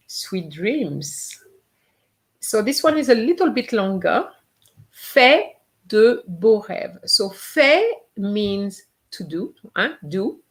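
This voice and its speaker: Slow, patient woman teacher. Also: medium pitch. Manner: patient, repeats each phrase slowly to model pronunciation. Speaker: French teacher. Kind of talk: live online language lesson.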